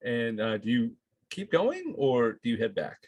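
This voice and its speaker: A man running a tabletop game as game master, speaking slowly in a halting way, full of fillers and laughter. His pitch moves expressively, and the sound is dry and close to the mic. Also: wildly swooping pitch, a little mellow, no room sound.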